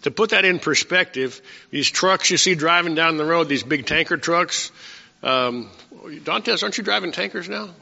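Male preacher, bright voice a bit high, chatty Bible-study delivery, echoing church hall. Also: normal speed, creaky. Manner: conversational, asks the congregation questions. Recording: muffled sound with long hall reverb.

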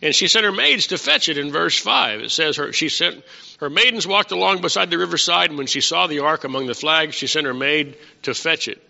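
A man's voice: on the high side, a little fast, gravelly, sharp tone, long reverb tail, muffled recording. A man preaching a casual, conversational sermon, asking his congregation questions as he teaches.

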